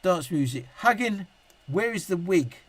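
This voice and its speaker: A man's voice: high voice, expressive, a little slow, slight background noise. A tipsy middle-aged man, rambling, swearing and laughing as he answers viewer comments on a live stream. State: tipsy from drinking. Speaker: YouTube reviewer on a live stream.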